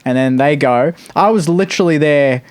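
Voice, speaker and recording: A man's voice: fairly high pitch, normal speed, clean tone, no echo. A young Australian man co-hosting a sports podcast, telling stories animatedly and laughing often. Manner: animated storyteller, acts out quotes, laughs often. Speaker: podcast co-host. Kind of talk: casual chat.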